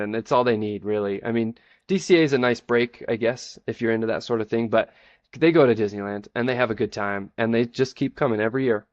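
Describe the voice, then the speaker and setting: A man giving an enthusiastic, playfully boastful pitch in a casual group chat, then taking questions. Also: no echo, lo-fi sound. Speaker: presenter defending a theme park in a group chat.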